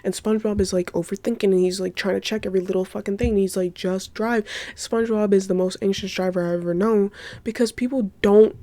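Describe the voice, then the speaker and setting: Excitable, giggly woman gushing on a podcast. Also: medium pitch, quick pace, no echo. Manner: excitable, gushing, swears a lot, slangy; giggly, breaks into laughter. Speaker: podcast host. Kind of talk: casual solo podcast rant.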